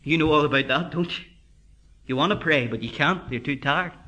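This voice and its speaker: A man preaching a sermon with fervent emphasis, slowing down for scripture and dropping into quiet asides to the congregation. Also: fairly high pitch, dull audio. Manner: emphatic, builds to fervent climaxes; drops to a quiet conversational aside.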